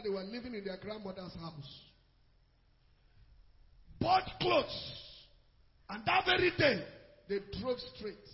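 A man preaching a sermon, telling a story that moves between loud exhortation and low, quiet narration. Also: big-room sound, highs cut off. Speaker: pastor.

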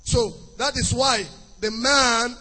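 A man's voice: very high-pitched, steady tone, slow pace, pushed and bright. A man preaching a sermon, emphatic and sing-song, repeating key phrases. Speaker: pastor. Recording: long hall reverb with faint music.

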